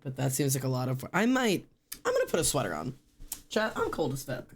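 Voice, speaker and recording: A man's voice: medium pitch, wildly swooping pitch, quick pace, slightly rough. A young man with a Midwestern American accent who chats casually as a live streamer, rambling and correcting himself as he goes. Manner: rambling, self-correcting, chatty. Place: home streaming room.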